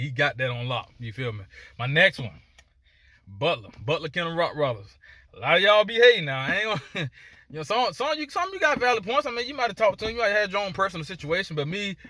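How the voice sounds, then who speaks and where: A man's voice: a little high, lively intonation, fast, sharp tone, no echo. A man, a dog breeder talking through his opinions in a casual vlog, full of fillers and restarts. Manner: conversational, many fillers and restarts.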